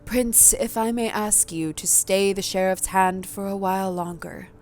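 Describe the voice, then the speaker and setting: A woman's voice: mid-range voice, unhurried, a little mellow, soft background music, lightly acted. A woman voicing a desperate condemned vampire. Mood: pleading. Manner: pleading, urgent.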